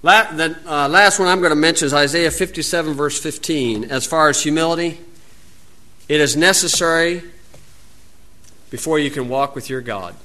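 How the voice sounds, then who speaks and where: A man's voice: fairly high pitch, normal speed, bright, forceful tone. A man with an American accent giving an informal, folksy Bible teaching outdoors, wandering into asides and rising to emphatic preaching.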